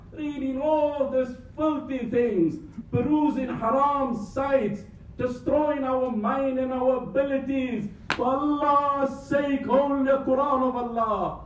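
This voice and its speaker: Male preacher from Africa, high voice, fervent with wry humour, distant mic, echoey hall sound. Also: muffled recording. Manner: impassioned, joking asides, rapid Arabic recitation. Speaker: Islamic scholar. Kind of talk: sermon. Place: large mosque hall.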